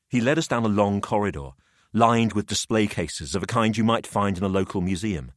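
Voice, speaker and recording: A man's voice: fairly low pitch, dry recording, studio quality. A man reading a macabre story aloud as narrator. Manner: measured storytelling. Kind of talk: audiobook narration.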